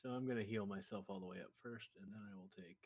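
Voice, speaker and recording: A man's voice: fairly low pitch, fast talker, a little mellow. A man playing a tabletop game online, chatty and playful, with lots of ums as he works through his turn. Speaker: player.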